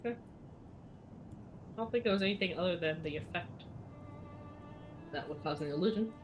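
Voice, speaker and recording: Woman player chatting thru her turn, low-ish voice, music in the back. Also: moderate pace, muffled recording. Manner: chatty, thinks aloud about rules. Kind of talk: casual tabletop play.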